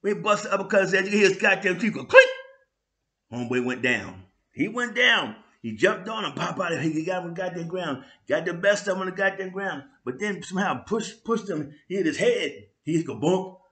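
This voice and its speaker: Animated New York man telling a street story. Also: sits high, brisk, echoey room. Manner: animated street slang with frequent "you know what I'm saying"; sound effects and loud bursts. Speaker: vlog host. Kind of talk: casual storytelling monologue.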